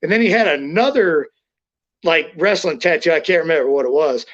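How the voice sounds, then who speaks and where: A man in a loose interview, talking bluntly and swearing constantly as he tells stories and acts out the heated lines. His voice sits high for a man. The audio comes through dull and lo-fi. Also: expressive, a little fast. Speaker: interview guest, former wrestler. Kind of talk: casual storytelling, profane.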